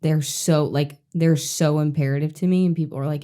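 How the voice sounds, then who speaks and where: A woman's voice: deep voice, fairly even intonation, moderate pace, warm tone. A woman co-hosting a podcast, chatting casually and reflectively, with frequent swearing. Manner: earnest, reflective, swears freely. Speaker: podcast co-host. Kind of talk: casual chat.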